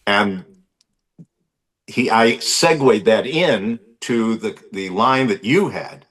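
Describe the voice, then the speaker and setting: A man, a podcast guest, telling a story in a casual, unhurried way. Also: fairly low pitch, husky, distant mic, low-quality recording. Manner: slow, lively storytelling.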